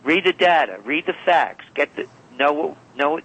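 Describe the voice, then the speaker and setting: A man's voice: fairly high pitch, expressive, measured pace, fairly bright tone, low-quality recording. A man as a radio guest, telling long rambling anecdotes and often correcting himself. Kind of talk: storytelling interview talk. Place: radio call-in or studio.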